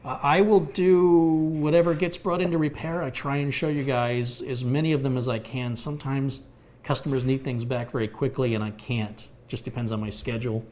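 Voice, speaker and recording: This American livestream host fixes computers on air, his mid-range voice fairly even, a little mellow and at normal speed. He answers viewer questions by likening hardware to everyday things, over slight background noise.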